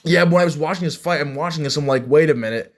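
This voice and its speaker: An excitable young man reacts to a fight night in casual commentary. He rambles and restarts his sentences, and his voice sits a little higher than most men's. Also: fast. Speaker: MMA fan reviewing fights.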